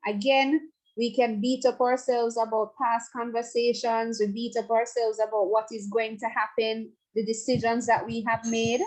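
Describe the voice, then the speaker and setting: A woman's voice: fairly high pitch, level tone, moderate pace, a little mellow, low-quality recording. A woman psychologist, leading a guided relaxation talk in a chatty way with playful asides. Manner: conversational, laughs and playful asides.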